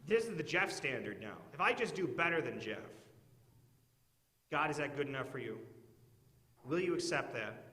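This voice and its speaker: A man's voice: medium pitch, big pitch swings, moderate pace, long pauses, pushed and bright. A man acting out an anxious everyday man bargaining with God, pleading and wheedling with rising questions, in an echoey church hall.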